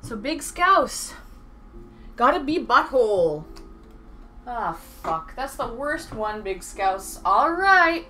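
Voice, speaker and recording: A woman's voice: a little high, big pitch swings, slow pace, pushed and bright, a little hiss or hum. A woman live-streaming in casual chat, thanking viewers by name and talking straight to her chat. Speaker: livestreamer.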